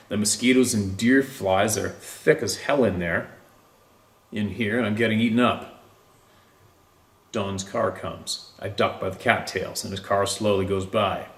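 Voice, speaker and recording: Man narrator, low voice, tense dramatic first-person storytelling, recorded a little off-mic in an echoey room. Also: a bit bright. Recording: roomy, distant mic with faint ambience.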